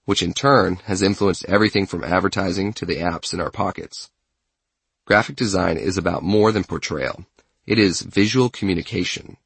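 A man reading a scripted essay narration in a measured way, with a husky, gravelly voice. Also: low-pitched, fairly bright tone, dry recording.

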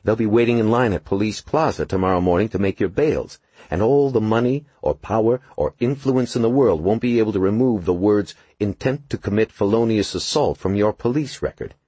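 A man reading an audiobook, voicing a tough, cool-headed woman police officer who speaks in a firm, measured, commanding way. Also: fairly low pitch, dark tone, slightly rough, dry recording, voice pushed up. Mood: stern. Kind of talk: audiobook narration.

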